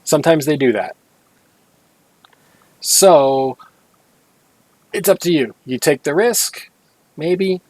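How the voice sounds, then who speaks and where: A man's voice: on the high side, takes it slowly, long pauses, a little mellow, no room sound, rough recording. A man co-hosting a casual gaming podcast, rambling along with jokey asides and frequent self-corrections. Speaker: podcast co-host.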